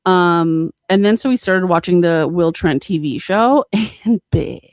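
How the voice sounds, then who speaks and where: A woman's voice: fairly low pitch, unhurried, no room sound. Chatty woman podcast co-host, dry sound. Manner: chatty, many fillers, bursts of excitement. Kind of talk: casual chat.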